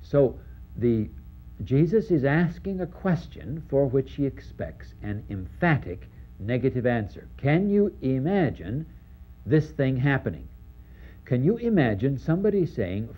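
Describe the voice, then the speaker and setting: A man's voice: mid-range voice, a little slow, narrow, tinny audio. A man giving a lecture on the parables, emphatic and posing rhetorical questions to his audience. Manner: animated, acting out quoted speech. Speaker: lecturer on New Testament parables.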